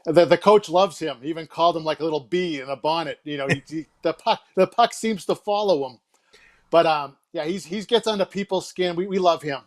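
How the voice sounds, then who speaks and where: A man from the Boston area, a guest on a hockey stream, giving relaxed and thoughtful opinions. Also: fairly high pitch, brisk. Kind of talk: casual chat.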